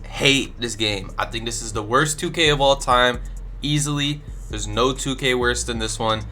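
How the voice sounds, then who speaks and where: A man's voice: medium pitch, sharp tone. A young man with a stuffy nose from allergies, casually rambling his blunt opinions as a gaming YouTuber into a desk microphone. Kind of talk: casual commentary ranking video games.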